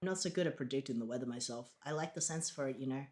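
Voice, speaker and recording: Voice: medium pitch, racing, darkish tone. A streamer reading a game aloud and chatting between the lines in a chatty, giggly way. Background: game music.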